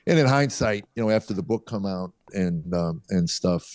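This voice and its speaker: Man, middle-aged, comedian guest, lively storyteller, low voice, dry close sound. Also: moderate pace, no echo. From small town south of Chicago, USA. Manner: lively storyteller, acts out voices in his anecdotes. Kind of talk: storytelling anecdotes in a podcast interview.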